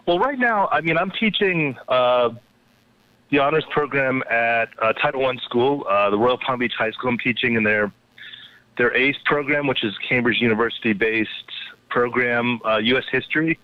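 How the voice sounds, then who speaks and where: A man's voice: mid-range voice, moderate pace. A man, an anthropologist and poet, talking casually as an interview guest, rambling with many fillers and restarts. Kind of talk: casual interview over a phone line. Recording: tinny phone line.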